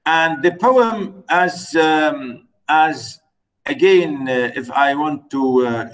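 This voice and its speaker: A man teaching an online class who talks haltingly, with many fillers and repeated words, and counts out stresses slowly and deliberately. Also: mid-range voice, low-quality recording. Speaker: university lecturer. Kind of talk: online lecture.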